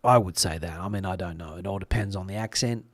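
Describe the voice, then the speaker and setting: With a low-pitched voice and a fast delivery, a middle-aged Australian man chats casually on a live stream and reads out comments. He rambles, leaning on fillers and frequently restarting, and the recording has no echo.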